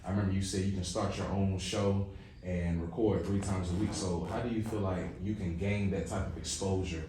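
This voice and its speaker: A man's voice: deep voice, fairly even intonation, fairly quick. A young man who is a graduating student, asking the speaker polite, slightly hesitant questions from the audience. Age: young adult. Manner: polite, a little hesitant, with fillers. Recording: echoey hall, faint noise.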